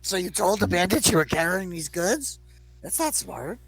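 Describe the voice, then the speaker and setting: A woman's voice: lowish voice, lively intonation, moderate pace, creaky, breathy edge, no room sound. A woman playing a tabletop role-playing game, asking skeptical questions. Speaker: player.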